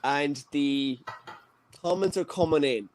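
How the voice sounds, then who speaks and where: An Irish man in his twenties hosts a live online comedy show over a video call from his childhood bedroom. His voice is a little high and his pace slow, with a joking, chatty stand-up style, and there's slight background noise.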